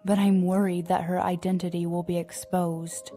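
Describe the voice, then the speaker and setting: An anxious middle-aged mother who keeps asking questions, as a woman narrator reads her. Her voice is lowish and warm. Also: level tone, moderate pace, faint music behind, lightly acted. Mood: questioning. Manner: questioning, worried.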